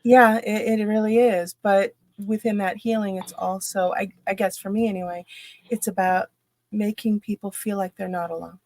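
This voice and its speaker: A woman's voice: mid-range voice, fairly even intonation, moderate pace, a little mellow. A woman hosting a casual livestream interview, chatting animatedly and reading viewer comments aloud. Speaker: host.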